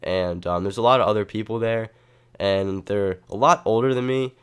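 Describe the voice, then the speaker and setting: Rambling, profane, low-voiced man. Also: steady tone, moderate pace, clean tone. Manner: rambling, profane, full of fillers. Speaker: comedy vlogger. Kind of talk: improvised comedic storytelling.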